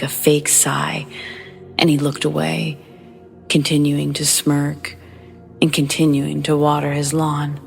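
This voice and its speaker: A woman narrates a scary story in a low, gravelly voice. She speaks slowly and flatly, keeping a hushed and somber tone. Faint music plays under her.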